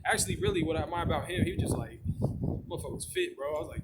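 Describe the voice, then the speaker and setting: A man's voice: sits high, wildly swooping pitch, rapid-fire, gravelly. A man chatting casually as host, rambling with heavy swearing and lots of fillers. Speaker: channel host. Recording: loud background noise with clicks.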